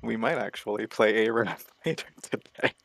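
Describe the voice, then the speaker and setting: Creaky-voiced young man chatting about games. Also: on the low side, moderate pace, dry recording, low-quality recording. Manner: laughing, animated retelling with acted-out quotes. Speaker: podcast co-host. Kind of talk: casual gaming chat.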